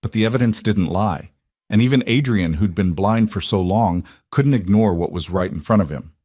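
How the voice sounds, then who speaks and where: A low-voiced man narrating a dramatic story at a measured, even pace. The recording is dry and close, with no room sound. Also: no echo.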